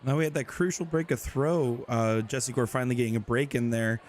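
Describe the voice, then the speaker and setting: A male pundit weighing up darts tactics in a blunt, analytical way. His pitch sits in the middle, with faint noise behind him. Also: steady tone, a little fast, darkish tone. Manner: frank, analytical. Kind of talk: live sports commentary.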